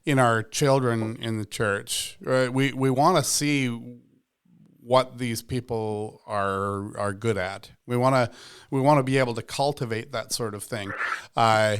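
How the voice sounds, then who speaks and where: A man co-hosting a podcast, agreeable and quick with short affirmations. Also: medium pitch, steady tone, clean tone. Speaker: podcast co-host. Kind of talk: podcast discussion.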